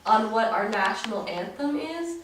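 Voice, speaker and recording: A woman's voice: fairly high pitch, very animated, normal speed, slight background noise. A teenage American girl with a Midwest accent chatting casually as a guest and breaking into bits of songs with a giggle. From United States. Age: teens. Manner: giggly, sings snatches of songs. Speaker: exchange student guest. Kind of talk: casual chat with singing. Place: classroom. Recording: echoey room, mic far off, guitar behind.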